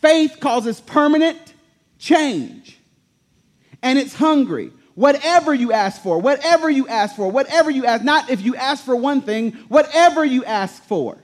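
A man preaching a sermon to a congregation, telling the story animatedly and repeating key words with slow emphasis. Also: very high-pitched, lively intonation. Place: church in front of a congregation.

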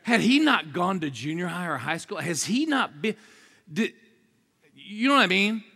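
A man preaching an energetic sermon, joking with the crowd and swinging between low asides and shouted exclamations. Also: moderate pace, vocal fry, husky. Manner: jokey, asks the crowd for responses.

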